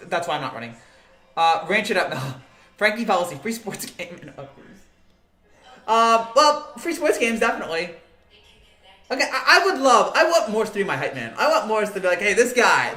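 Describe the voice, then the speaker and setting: A man's voice: fairly high pitch, sharp tone. A man hosting a casual livestream, rambling as he reads and answers viewer comments and often laughing. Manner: rambling, laughing, with frequent fillers and restarts. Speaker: livestream host. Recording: roomy echo.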